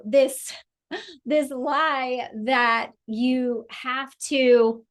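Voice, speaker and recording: A middle-aged woman, a childbirth educator, teaching a live online class in a chatty, encouraging way over a video call. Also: fairly high pitch.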